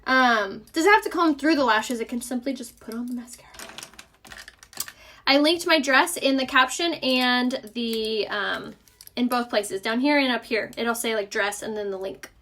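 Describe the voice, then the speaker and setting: At a moderate pace, a young Southern US woman with a light accent and a slightly high, bright voice walks viewers through a casual live makeup tutorial. She stays chatty and upbeat, regularly breaking off to answer questions from viewers in a warm, relaxed way.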